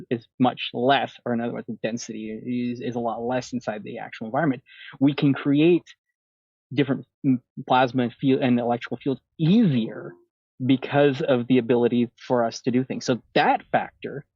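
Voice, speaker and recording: Caller guy rambling on, husky voice, muffled lo-fi call line. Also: mid-range voice, brisk, no room sound. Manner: rambling, restarting sentences. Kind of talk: call-in conversation.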